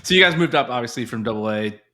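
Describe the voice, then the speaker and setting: A man's voice: medium pitch, animated, quick pace, pushed and bright. A man co-hosting a casual podcast, asking easygoing questions. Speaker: podcast co-host.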